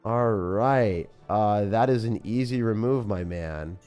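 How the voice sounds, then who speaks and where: A young man commentating his own game on a live stream, fast and jokey, chatting to viewers as he plays. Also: fairly low pitch, darkish tone, smooth, faint music behind. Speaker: gaming streamer.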